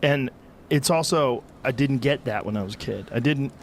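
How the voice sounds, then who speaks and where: A man's voice: mid-range voice, moderate pace, a little hiss or hum. Middle-aged male podcast host, blunt, emphatic, swears casually in conversation.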